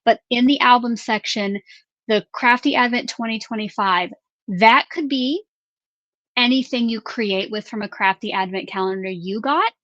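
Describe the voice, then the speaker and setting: A woman's voice: on the high side, a bit bright, no echo. Chatty woman hosting a craft livestream. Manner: chatty, reads out winner names with drawn-out announcing. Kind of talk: casual livestream chat and giveaway draw. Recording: slightly muffled dry livestream audio.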